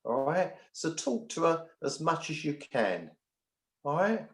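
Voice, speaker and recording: Male medium giving readings, slightly high voice, echoey home room, keeps asking if you follow. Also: big pitch swings, unhurried. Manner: chatty, checks in with the sitter often. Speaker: spiritual medium. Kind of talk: giving readings at a spiritual service.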